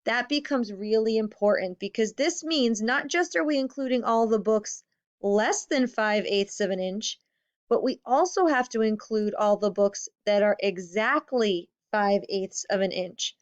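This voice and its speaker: A woman teaching a recorded math lesson to fifth graders, patient, stressing key words and counting slowly. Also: mid-range voice. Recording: slightly dull lo-fi audio.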